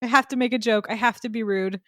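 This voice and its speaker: A woman's voice: a little high, fairly even intonation, fast, dry recording, studio quality. A woman, a returning guest on a podcast, chatting casually and bluntly, joking at her own expense and laughing often. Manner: jokey, laughs often, blunt and self-mocking.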